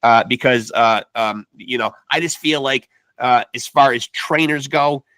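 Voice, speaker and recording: A man's voice: medium pitch, measured pace, bright, forceful tone, clear, resonant tone, no echo. A man hosting a podcast in loose, profane casual chat, tacking "man" onto nearly every phrase. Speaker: podcast host.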